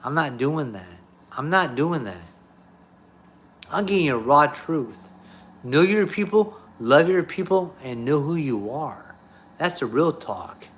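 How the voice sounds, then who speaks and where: A man's voice: on the high side, expressive, slow, a bit bright, a little hiss or hum. A man talking straight to his viewers in an off-the-cuff monologue, blunt and profane, repeating himself for emphasis. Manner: blunt, profane, repetitive ranting. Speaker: YouTuber.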